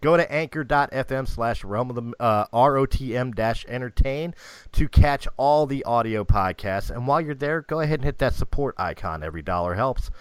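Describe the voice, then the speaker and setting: Young male podcast host, animated delivery, dry mic; jokey, fast plug rundown. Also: mid-range voice, clean tone, no echo. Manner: jokey, reels off plugs in a practiced rundown. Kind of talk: casual podcast chat and outro.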